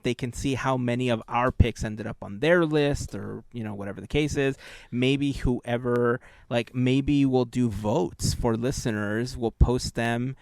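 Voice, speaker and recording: A man co-hosting a podcast, talking casually and enthusiastically as he pitches ideas. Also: no room sound. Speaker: podcast co-host. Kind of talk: casual chat.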